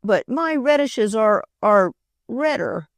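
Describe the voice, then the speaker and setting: A woman's voice: a little high, animated, slow pace, no room sound, pitched above the performer's own voice. A woman voicing an eager little boy who insists and stumbles over his words. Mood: stubborn.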